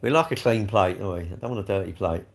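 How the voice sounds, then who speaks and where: A man's voice: low voice, quick pace, vocal fry. A man, hosting a live stream and rambling jokily as he answers viewers' comments. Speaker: livestream host reading chat. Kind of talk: casual live chat.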